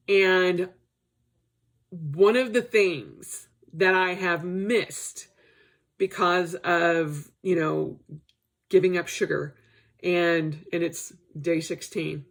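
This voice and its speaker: A woman's voice: fairly low pitch, fairly even intonation, very slow, pauses often. A middle-aged woman in a casual personal vlog, chatting and rambling with asides while she recovers from a stomach bug. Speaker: vlogger.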